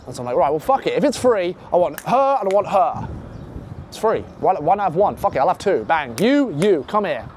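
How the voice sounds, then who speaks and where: A young man casually telling a profane, animated story and acting out the other voices in it. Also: high voice, quick pace, slight background noise.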